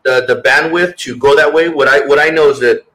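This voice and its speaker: A man's voice: on the high side, fairly quick, a bit bright, poor audio. A man talking as a guest author in a casual interview, earnest and rambling, with many restarts.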